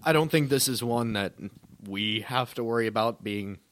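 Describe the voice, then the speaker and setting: A man's voice: mid-range voice, moderate pace, a bit bright, no echo. A man co-hosting a casual podcast, joking around with puns and laughing often. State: yawning, tired. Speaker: podcast co-host.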